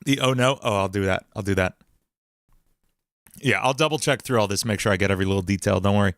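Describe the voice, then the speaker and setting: A man's voice: lowish voice, fast, dry recording. A man streaming casually from his home basement studio as he writes music, joking, laughing often and mocking himself. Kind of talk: casual livestream chat.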